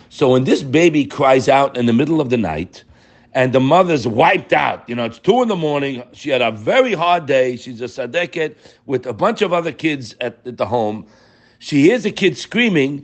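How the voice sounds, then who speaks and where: Emphatic man giving a lively Torah talk. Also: mid-range voice. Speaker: rabbi giving a Torah class.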